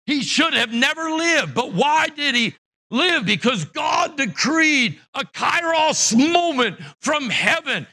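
A man preaching with a high, bright, ringing voice. He delivers an impassioned church sermon, swinging into shouts at the peaks and acting out the voices of the people in his Bible stories, recorded in a church sanctuary. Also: very animated, takes it slowly. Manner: acts out Bible characters' voices. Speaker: pastor.

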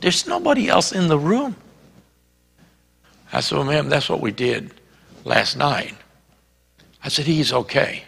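A man's voice: a little high, very animated, measured pace, creaky, long pauses, fairly bright tone, husky. A man with a Southern US accent preaching a sermon as pastor, telling a story and acting out the dialogue. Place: church sanctuary. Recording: reverberant church hall.

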